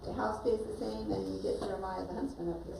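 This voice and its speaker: A woman's voice: mid-range voice, steady tone, fast, vocal fry. A woman teacher narrating a story for her pupils to act out and giving them directions as she goes. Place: classroom. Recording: distant, echoey classroom with background noise.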